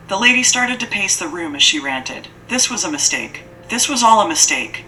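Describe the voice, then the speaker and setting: A woman reading a dark fantasy story aloud as an audiobook narrator, with steady, measured, dramatic storytelling. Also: medium pitch, slight background noise, rough recording.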